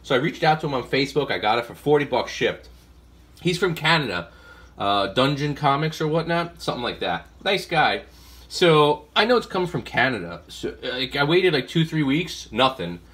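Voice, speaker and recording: A chatty man rambles through a casual comic-haul vlog at a middle pitch. He wanders from story to story, leaning on fillers, and acts out what he said to sellers. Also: big pitch swings, moderate pace, a bit bright. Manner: rambling storyteller, acts out his own quotes. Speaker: comic collector vlogger.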